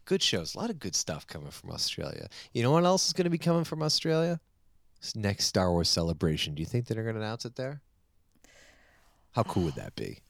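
A low-voiced man from the United States in his thirties, chatting with a lot of swing in his pitch. He jokes and swears casually, and the recording is dry and close. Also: brisk, gravelly, no room sound. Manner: animated, joking, swears casually. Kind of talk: casual chat.

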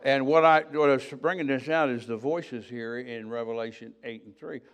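A man's voice: medium pitch, steady tone, moderate pace, smooth. Older guy preaching his testimony, chatty storyteller, acts out the quotes. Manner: conversational storytelling, acting out quoted dialogue. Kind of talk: sermon testimony.

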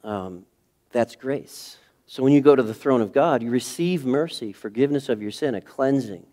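Middle-aged man, pastor, animated storytelling sermon, mid-range voice. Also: mid-range voice, normal speed. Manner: animated storytelling, acting out scenes with sudden shifts in loudness. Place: church sanctuary.

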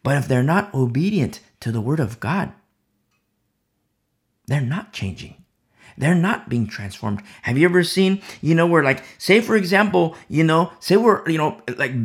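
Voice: mid-range voice, lively intonation, moderate pace. A Bible teacher giving an informal, conversational talk to a home fellowship, rambling with many asides and restarts.

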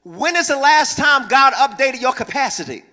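Pastor, male, high bright voice, playful preaching, long church-hall reverb. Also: moderate pace. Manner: lively preaching with humor, calls for congregation responses. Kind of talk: sermon. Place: church sanctuary.

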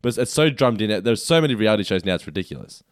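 A man co-hosting a relaxed podcast, full of cheeky teasing and the odd swear word. His voice rises and falls freely, recorded close and dry. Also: on the low side, quick pace, no echo. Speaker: podcast co-host. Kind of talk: casual podcast chat.

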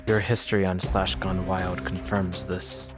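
A man improvising a businesslike male soldier robot in a comedy sketch, speaking in a quiet, subdued official tone. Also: low voice, little pitch movement, measured pace, over music. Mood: dry.

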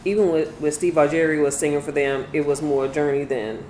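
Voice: mid-range voice, steady tone, a little fast, darkish tone, roomy sound, slight background noise, rough recording. A guest in a casual chat, blunt and opinionated.

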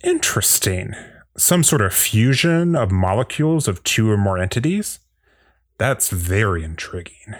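A man voices a sinister, gloating villain entity at a fan-script table read, his low voice swinging widely as he savours every threat. He is menacing and unhurried. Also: sing-song, no echo, clean studio sound. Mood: gloating menace. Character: menacing male villain entity absorbing powers.

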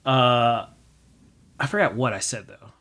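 A man's voice: mid-range voice, a little slow, fairly bright tone. A young man chatting casually as a guest, rambling with many fillers and acting out quotes. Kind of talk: casual chat.

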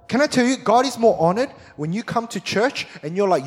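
In a large church hall with long reverb, a middle-aged pastor preaches a fired-up, emphatic sermon full of repeated phrases. His voice is high, expressive and brisk.

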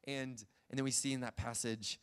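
A man preaching a sermon, retelling scenes in a lively, chuckling way. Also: medium pitch, normal speed, clear, resonant tone. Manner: lively storytelling, acts out scenes, chuckles often.

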